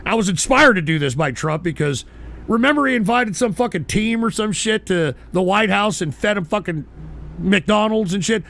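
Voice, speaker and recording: A man with a high, gravelly voice rants on his internet radio show. He is profane and combative, keeps pushing tag questions at his listeners, and suddenly shouts. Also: expressive, moderate pace. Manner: repeats insistent tag questions. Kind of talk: live-streamed ranting monologue.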